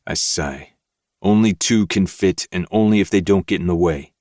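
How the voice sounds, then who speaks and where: Brief: very deep male narrator, dry close recording, steady audiobook read. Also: moderate pace, no room sound. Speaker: podcast host reading a novel aloud. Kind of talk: first-person audiobook narration.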